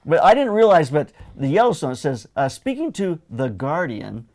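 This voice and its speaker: Guy hosting a show, chatty and jokey, laughs a lot, highish voice that jumps around. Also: normal speed. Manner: animated, laughing, jokey storytelling. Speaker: show host. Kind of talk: casual co-hosted chat.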